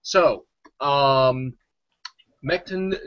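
A man's voice: medium pitch, drawn-out words, clear, resonant tone. Chatty man hosting a live stream. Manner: chatty, laughs often, rambling. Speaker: show host. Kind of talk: casual live-stream interview. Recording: slightly dull lo-fi audio.

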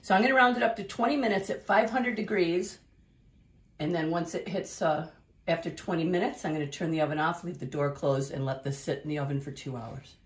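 A woman's voice: fairly low pitch, fairly quick. A woman hosting a home cooking video, chatty and talking viewers through each step directly. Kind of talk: casual cooking demonstration. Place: home kitchen.

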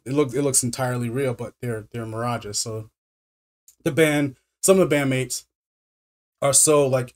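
Man, casual movie recap, repeats words, frequent fillers, mid pitch. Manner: stammering repetitions with many fillers. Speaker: film reviewer. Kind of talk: casual spoken film recap.

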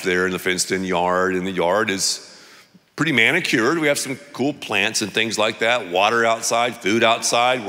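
Animated pastor in a reverberant hall. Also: male voice, on the low side. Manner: animated, jokey, acts out voices. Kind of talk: sermon with storytelling.

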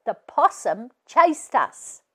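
A woman's voice: a little high, very animated, takes it slowly, a bit bright, pitched above the performer's own voice, full character voice. A woman reading aloud, voicing a mother telling her children a dramatic family story. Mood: animated. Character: lively storytelling mother of many.

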